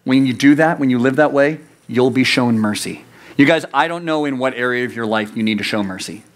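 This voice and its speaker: Animated, joking youth pastor man. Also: brisk. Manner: animated and joking, jumps into high comic voices. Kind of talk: youth sermon.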